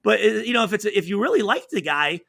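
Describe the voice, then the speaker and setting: Brief: man in his forties, ex-football guest, high bright voice, swears freely, rambles through anecdotes. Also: sing-song, fast, creaky. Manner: profane, rambling, acts out quotes. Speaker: former football safety, guest. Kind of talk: casual interview storytelling.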